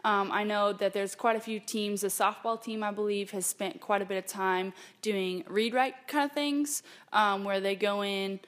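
A woman's voice: medium pitch, steady tone, moderate pace, few pauses. This is a young woman, a student athlete, in an interview. Her voice sits in the middle range, and she answers thoughtfully, a bit hesitant, with small fillers. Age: young adult.

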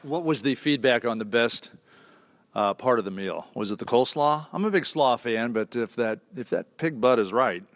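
A man's voice: medium pitch, expressive, normal speed, no room sound. A man hosting a talk show, asking rambling questions and joking with his guests. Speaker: radio show host. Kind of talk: casual interview.

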